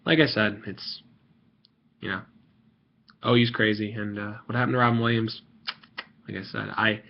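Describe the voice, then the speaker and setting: A man's voice: on the low side, flat delivery, normal speed, creaky, highs cut off. A young man ranting in a rambling, salty and profane way as he gives casual commentary on an online game he was playing. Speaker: gaming video creator. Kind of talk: rambling gaming commentary rant.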